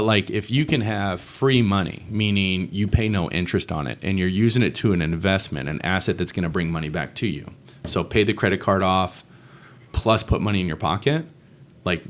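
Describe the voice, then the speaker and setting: Deep-voiced, laid-back podcast guest, a man. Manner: laid-back and slangy, says dude and bro. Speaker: guest, real estate investor. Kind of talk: casual podcast conversation.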